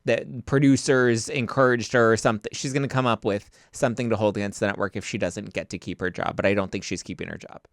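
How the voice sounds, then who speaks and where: A man's voice: fairly low pitch, steady tone, fast, creaky, few pauses, dry recording, clean studio sound. A man who is a pop culture guest on a podcast, giving blunt, opinionated takes in casual chat.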